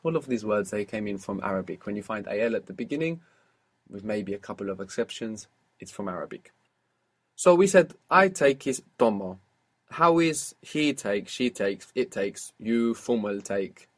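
A man with a slightly husky voice leads a spoken language lesson. He asks his student short questions and answers with brief praise, in a patient, steady manner. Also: on the low side, normal speed. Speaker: language teacher.

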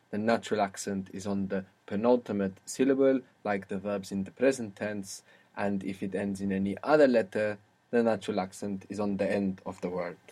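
A man teaching an audio language lesson, explaining patiently and slowing down on example words. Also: fairly low pitch, darkish tone.

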